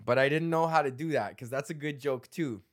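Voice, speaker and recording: A man's voice: a little high, a little fast. A man in his thirties hosting a solo comedy podcast, reading out old jokes, rambling and swearing, laughing at his own material.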